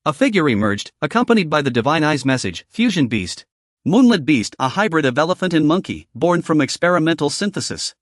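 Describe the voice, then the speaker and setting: A man's voice: on the high side, no echo, studio quality. A man narrating a story recap in a scripted, dramatic storytelling voice.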